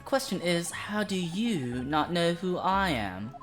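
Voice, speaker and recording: A woman voicing a haughty upper-class English gentleman with a put-on posh accent, clipped and condescending. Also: fairly low pitch, sing-song, a little slow, soft background music.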